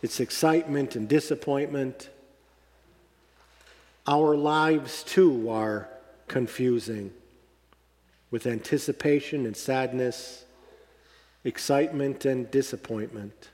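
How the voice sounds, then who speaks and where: A man preaching a sermon as pastor, slow and deliberate, lifting his voice on emphatic phrases. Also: mid-range voice, a little mellow, big-room sound.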